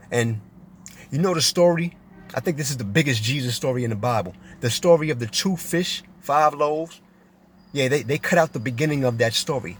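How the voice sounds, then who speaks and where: A man's voice: mid-range voice, slight background noise. A man speaking in a casual monologue, preachy and emphatic, repeating phrases as he goes on. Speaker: video commentator.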